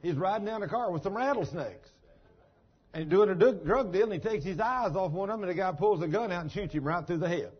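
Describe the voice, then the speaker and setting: A man's voice: high voice, lively intonation, fairly quick, breathy edge, muffled recording. A man preaching a sermon in a folksy, emphatic storytelling manner.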